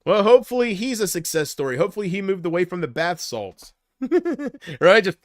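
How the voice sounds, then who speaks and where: A man's voice: sits high, very animated, brisk, dry recording, studio quality. A man chatting casually on a livestream, rambling from thought to thought and often trailing off.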